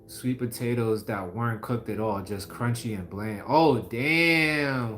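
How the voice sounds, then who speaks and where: A man from New York City with a New York accent, hosting a casual livestream and chatting with viewers in lively slang. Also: medium pitch, unhurried, few pauses. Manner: animated, slangy, laughs often, talks to viewers by name. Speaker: livestream host. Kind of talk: casual live chat reading comments.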